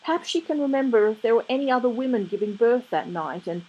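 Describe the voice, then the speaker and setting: A woman's voice: a little high, lively intonation, fast talker, highs cut off, voice pushed up. Aziraphale, a woman doing a prim fussy angel. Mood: urgent. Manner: sweet, prim. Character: prim, fussy male angel, polite and earnest.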